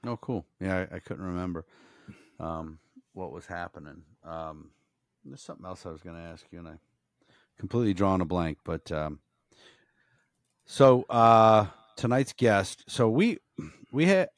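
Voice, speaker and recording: Deep-voiced man hosting a podcast. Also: expressive, no echo, studio quality. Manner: rambling, halting, profane. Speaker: podcast host. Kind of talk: casual podcast chat.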